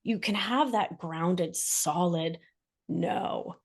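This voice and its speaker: A woman guest in an interview, talking expressively about her practice and telling animated stories. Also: on the low side, drawn-out words, gravelly. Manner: expressive, animated storytelling with acted quotes. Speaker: guest, somatic practitioner and author. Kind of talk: casual interview chat.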